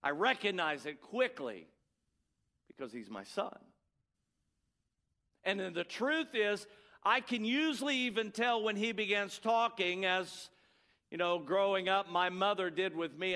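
Middle-aged man, pastor, slightly raised pitch, emphatic sermon with hushed drops. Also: moderate pace. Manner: emphatic preaching with repeated refrains, dropping to soft, quiet endings.

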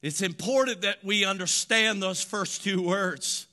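A man delivers a sermon in a bright, forceful voice that sits a little high, with a slow, deliberate pace. He repeats short phrases rhythmically and climbs to shouted emphasis. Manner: builds from quiet reflection to shouted emphatic preaching. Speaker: pastor.

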